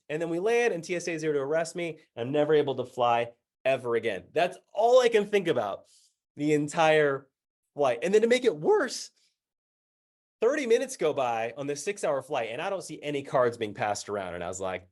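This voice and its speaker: Animated male storyteller acting out dialogue. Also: on the high side, brisk. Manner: animated, acts out dialogue with voices; laughs while telling. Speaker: speaker. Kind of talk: personal storytelling talk.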